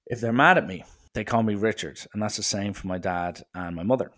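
A man's voice: lowish voice, fairly quick, fairly bright tone. Irish man telling a rambling story. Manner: rambling, self-mocking. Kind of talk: casual storytelling.

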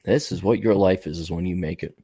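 A man's voice: deep voice, a little fast, dark tone, breathy edge. A man hosting his show, talking in a casual, digressive monologue, laughing often and swearing freely. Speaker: show host.

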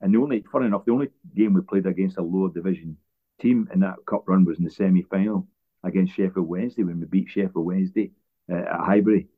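A Scottish former footballer tells long stories in a relaxed interview, often restarting his sentences as he goes. His voice sits very low. The sound is thin and phone-like. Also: fast talker. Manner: rambling anecdotes with frequent restarts. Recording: tinny phone-like line.

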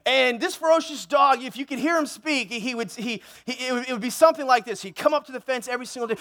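A man's voice: very high-pitched, quick pace, few pauses. A man preaching a sermon in a church, cracking jokes and telling a comic story with playful asides. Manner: joking, animated, playful asides. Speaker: pastor. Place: church sanctuary.

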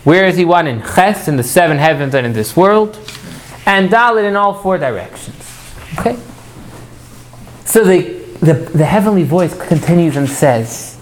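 A man's voice: on the high side, moderate pace, slight background noise. A man teaching a Torah class, often repeating words as he starts and putting questions to his listeners.

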